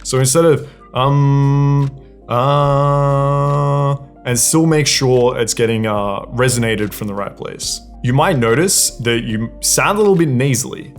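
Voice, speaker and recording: Young male voice coach, easygoing and demonstrative, mid-range pitch, soft music underneath. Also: lively intonation, moderate pace, few pauses. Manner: casual, demonstrates exercises with hums and sighs. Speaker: dating and voice coach. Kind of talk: instructional talk to camera.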